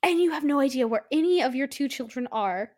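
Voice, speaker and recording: Give me a woman podcast host in casual chat, lively and high, acting out quotes as she goes. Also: fairly quick. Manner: animated, swearing, acts out quotes from scenes.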